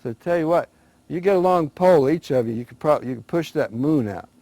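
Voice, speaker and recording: A man's voice: a little high, animated, fairly quick, mellow, no room sound, pitched above the performer's own voice. A man voicing a boastful trickster rabbit in a folktale, talking eagerly and coaxing his listeners. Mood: wheedling.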